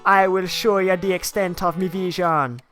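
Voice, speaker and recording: A streamer voicing a ghostly female fortune teller in a put-on Jamaican accent, slow and drawn out. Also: mid-range voice, steady tone, a bit bright, soft background music, lightly acted. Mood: mystical.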